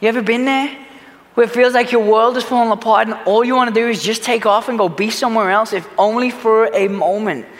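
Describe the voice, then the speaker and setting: A man preaching a sermon as a pastor, earnest, swinging from loud urgency to hushed reflection. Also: high-pitched, fairly even intonation, a little fast, big-room sound. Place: church sanctuary.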